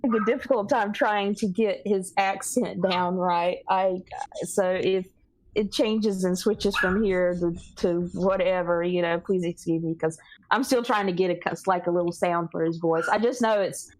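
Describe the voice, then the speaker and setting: A woman's voice: lowish voice, steady tone, moderate pace, darkish tone, no echo, rough recording. A woman playing in a tabletop game, chatting casually and rambling apologetically. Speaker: player.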